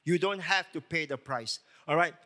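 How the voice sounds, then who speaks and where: A man's voice: on the high side, moderate pace, pushed and bright. A man preaching a sermon as lead pastor, emphatic and full of rhetorical questions.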